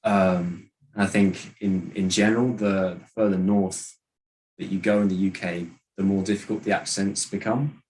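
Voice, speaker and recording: A man's voice: low-pitched, little pitch movement, moderate pace, darkish tone, rough recording. A British man giving a casual answer as a guest speaker over a video call, hesitant and full of ums and restarts. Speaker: guest speaker at a language exchange. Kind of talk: casual panel answer, switching to Spanish.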